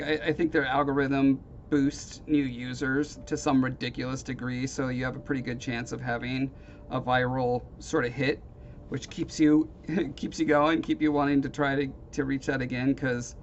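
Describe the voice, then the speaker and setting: A man casually chatting with viewers on his live stream, rambling and self-deprecating, with hesitant restarts. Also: mid-range voice. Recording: dull lo-fi stream audio with faint noise.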